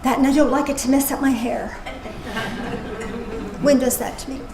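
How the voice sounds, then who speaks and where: A woman minister giving a casual, playful sermon with animated asides. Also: a little high, measured pace, crowd noise. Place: church service. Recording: echoey room with faint noise.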